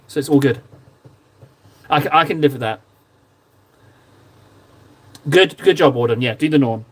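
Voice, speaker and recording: Unhurried and mid-range in pitch, a young man hosts a livestream while painting miniatures. He chats casually and playfully teases his viewers with jokes.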